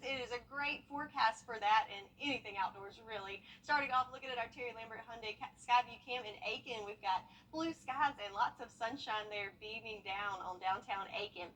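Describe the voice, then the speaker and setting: Bright chatty woman weather anchor. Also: a little high, a little fast, few pauses, distant mic, poor audio. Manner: friendly, chatty. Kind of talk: weather forecast.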